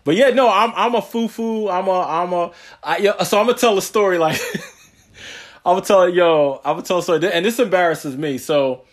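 A man's voice: high voice, moderate pace. A man hosting a podcast in casual chat, telling rambling stories with lots of laughter and slangy asides. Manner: animated rambling storyteller, laughs often; slangy, says yo and man a lot. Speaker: podcast host.

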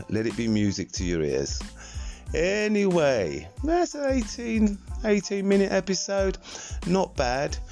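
An older man hosts a solo podcast of reflective storytelling, rambling in a laid-back, chatty way. His voice is medium-pitched, gravelly and a little mellow.

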